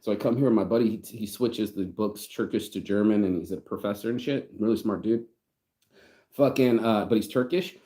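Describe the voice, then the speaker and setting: A man's voice: on the low side, normal speed, mellow. A man vlogging in a rambling, profane, heartfelt monologue, close to tears. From United States. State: tearing up. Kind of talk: casual reflective monologue.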